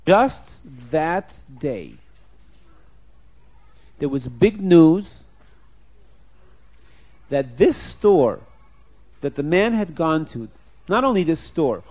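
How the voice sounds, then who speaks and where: Animated male storyteller, slightly high voice. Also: very slow, long pauses. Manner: animated, questions the listeners, acts out scenes. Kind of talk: storytelling to children with a moral lesson.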